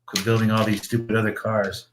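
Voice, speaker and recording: A man's voice: on the low side, little pitch movement, brisk, noisy background. A man hosting a casual livestream, chatting about his model builds in a rambling way, with swearing and chuckles. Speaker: slot car builder and show host.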